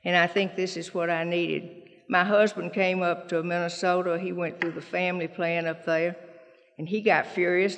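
A woman with a Southern drawl tells her own story before a meeting in a relaxed, folksy way. She slips into the voices of the people she quotes. Her words ring back from a large hall with a long echo. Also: on the low side. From Mississippi, US. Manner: folksy storytelling, acting out others' lines. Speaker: speaker sharing her recovery story. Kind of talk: personal testimony at a meeting.

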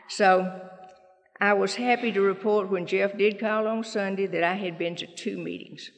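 A woman's voice: mid-range voice, steady tone, moderate pace, long reverb tail. A woman with a Southern US accent, from Mississippi, tells her recovery story to a meeting in a folksy way and acts out what other people said. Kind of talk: personal testimony at a meeting.

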